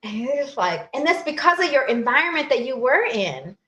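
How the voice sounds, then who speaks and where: High bright woman podcast host, earnest and encouraging, echoey room on a call. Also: sing-song, moderate pace. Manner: earnest, encouraging, laughs often. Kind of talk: casual chat. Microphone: video call.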